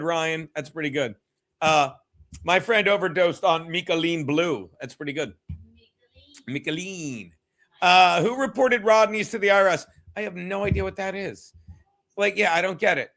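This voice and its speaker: A man's voice: high-pitched, sharp tone. A man hosting a livestream, rambling and swearing as he thanks viewers and laughs often. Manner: rambling, profane, laughs often between remarks. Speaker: host of a livestreamed comedy show. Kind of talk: casual livestream chat reading viewer donations.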